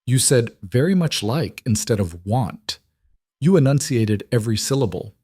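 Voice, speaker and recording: A man reading a story aloud, voicing a poor young seamstress who talks in a brisk, practical, teasing way, close on a dry mic. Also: mid-range voice, expressive, dark tone, slightly rough, no room sound, voice pushed up. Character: young woman, poor brave quick-witted seamstress.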